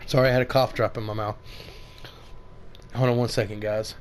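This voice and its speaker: A man's voice: medium pitch, flat delivery, brisk, slight background noise. A man giving casual, rambling commentary over a game tutorial, with many fillers and restarts. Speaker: gaming video creator.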